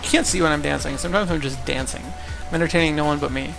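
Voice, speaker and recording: Gravelly, goofy livestream commentator man. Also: a little high, rapid-fire, over music. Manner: goofy, jokey, rambling. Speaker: tournament commentator.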